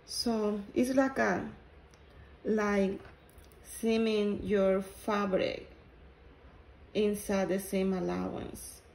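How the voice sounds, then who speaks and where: Slow, gravelly-voiced woman teaching sewing. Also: medium pitch, fairly even intonation, darkish tone, slight background noise, low-quality recording. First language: not English. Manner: slow, halting, with restarts. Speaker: sewing instructor. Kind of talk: step-by-step sewing tutorial.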